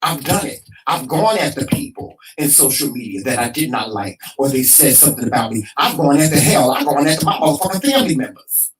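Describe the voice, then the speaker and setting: A man's voice: medium pitch, animated, a little fast, distant mic, poor audio. A man co-hosting a casual talk show, frustrated and emphatic, repeating himself and swearing freely with a preacher-like cadence.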